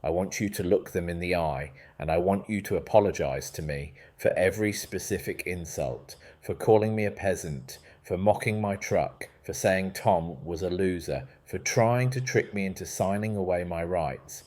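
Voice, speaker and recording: A man's voice: sits low, moderate pace, hardly any pauses, darkish tone, close to an everyday voice. A man reading as a blunt woman gardener. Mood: firm.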